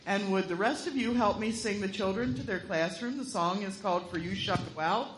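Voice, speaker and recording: A woman minister leading a service and telling a joke in a relaxed, deadpan way in a church. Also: medium pitch, fairly quick, background noise. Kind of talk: sermon with a told joke. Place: church sanctuary. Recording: roomy church sanctuary.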